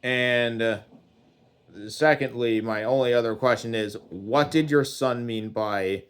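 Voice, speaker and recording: A man rambling through a comic first-person monologue, deadpan and full of swearing. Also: mid-range voice, a little slow, smooth.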